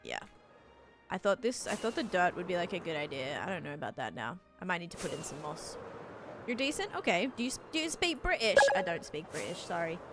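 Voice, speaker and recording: A woman livestreamer chatting casually with viewers while she plays, talking loosely with lots of "like" and breaking into quick excited thanks. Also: on the low side, over loud music. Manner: chatty, heavy use of "like", bursts of excited thanks. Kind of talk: casual chat while playing, answering viewers.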